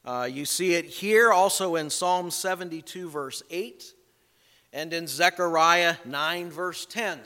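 A pastor preaching a sermon who retells a scripture story with folksy jokes and asides. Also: male voice, high voice, sharp tone, long reverb tail.

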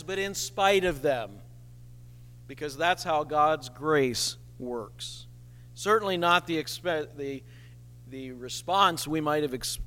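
A man preaching a sermon as pastor, slow and emphatic with dramatic pauses. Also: on the high side, bright, forceful tone, long reverb tail.

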